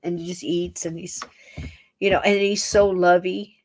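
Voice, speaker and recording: A woman's voice: on the low side, flat delivery, moderate pace, a little mellow, dry recording, studio quality. A woman hosting a podcast, chatting casually in a rambling, affectionate way and laughing often. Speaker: podcast host. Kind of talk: casual chat, talking to her pets on camera.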